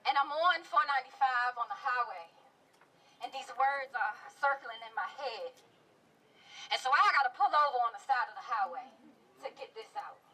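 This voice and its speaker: A woman's voice: on the high side, animated, normal speed, bright, forceful tone. A woman in her thirties, a parent, speaking and performing spoken-word poetry at an outdoor rally, her emotion building until she nearly cries. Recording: distant outdoor mic with noise.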